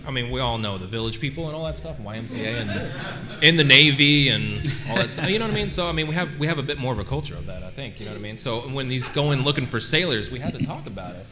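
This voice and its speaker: A man's voice: medium pitch, animated, fast, over music. A man voice actor chatting on a convention panel, laughing and rambling through an anecdote.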